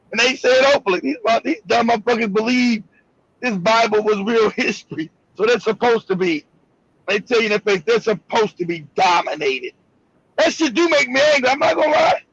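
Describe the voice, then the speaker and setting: A man's voice: very high voice, brisk, a bit bright, husky, no room sound, lo-fi sound. A man hosting a livestream, delivering heated, profane commentary with emphatic repetition. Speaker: livestream host.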